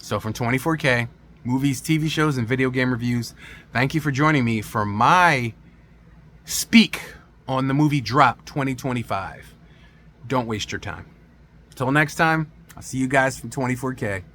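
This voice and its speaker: A man delivering a movie review in a sarcastic, emphatic rant. His voice sits at an ordinary middle pitch, and he talks straight to his viewers in a casual vlog style. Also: moderate pace, pushed and bright, a little hiss or hum.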